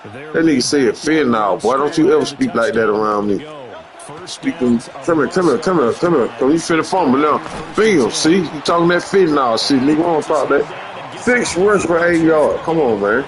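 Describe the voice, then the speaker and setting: A man streaming a football video game, loudly trash-talking his online opponent with slang and profanity. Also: fairly high pitch, moderate pace, a crowd in the background. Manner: loud, boastful trash talk with heavy slang and profanity. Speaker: gamer streamer.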